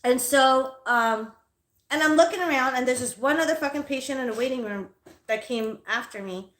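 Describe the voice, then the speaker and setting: A woman's voice: high-pitched, moderate pace, a bit bright. A woman hosting a live stream and telling an angry story in a heated, profane rant. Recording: echoey room.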